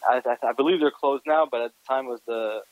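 Halting American man in his thirties. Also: mid-range voice, no echo, dull audio. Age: 30s. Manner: halting, many restarts and repeated words. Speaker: guest chef. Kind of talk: casual interview answers.

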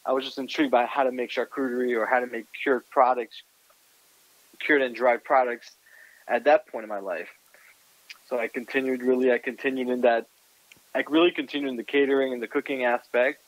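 A man in his thirties with an American accent, a chef answering interview questions in a halting way, restarting and repeating words. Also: medium pitch, fairly even intonation, no echo, poor audio. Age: 30s. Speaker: guest chef.

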